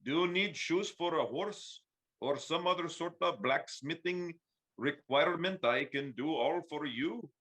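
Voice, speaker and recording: A man's voice: fairly high pitch, a little slow, a bit bright, voice pushed up. A man voicing a flustered male village blacksmith with a put-on Indian accent, speaking in formal, stilted phrases. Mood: fussy, fretful.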